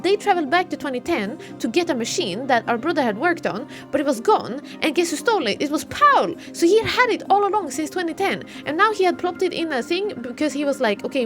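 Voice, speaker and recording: A woman streamer casually recapping a game's story in an excitable, rambling way. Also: high-pitched. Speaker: let's play streamer.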